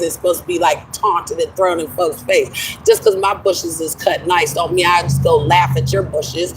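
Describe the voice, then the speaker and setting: A woman's voice: on the low side, distant mic, poor audio. A middle-aged woman chatting casually on a livestream, rambling and laughing often, calling listeners honey. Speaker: livestream host.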